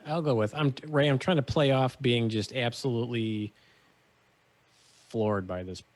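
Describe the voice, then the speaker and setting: A man playing in a tabletop game, speaking in a hesitant, halting way. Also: mid-range voice, fairly even intonation. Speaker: player. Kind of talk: casual chat in a tabletop game.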